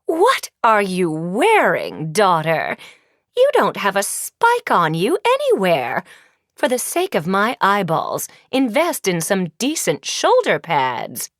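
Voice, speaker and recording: A woman's voice: mid-range voice, huge pitch swings, slow, fairly bright tone, dry recording, studio quality, exaggerated voice. A woman reading an audiobook, voicing a vain, snappish evil queen mother in a grand, theatrical manner. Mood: haughty.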